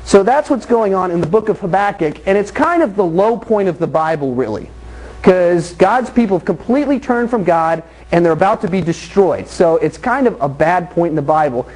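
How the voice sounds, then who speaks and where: A man's voice: sits high, lively intonation, normal speed, darkish tone, low-quality recording. A man preaching a casual, joking sermon to a youth group, acting out little scenes with people from the group. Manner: joking, illustrates with acted scenes from the congregation. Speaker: youth pastor.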